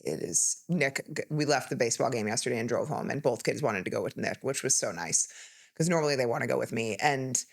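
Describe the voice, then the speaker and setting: A woman's voice: a bass voice, fairly quick, gravelly. A woman in her thirties co-hosting a podcast, telling candid, rambling stories in casual chat. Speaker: podcast co-host.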